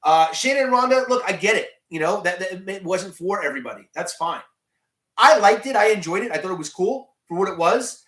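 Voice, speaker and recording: A man hosting a casual live stream, his voice sitting a bit high for a man. He rambles and restarts his sentences as he answers viewers, and his voice echoes around the room he is in. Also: expressive, fairly quick, fairly bright tone. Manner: rambling, many restarts and fillers, reads chat questions aloud.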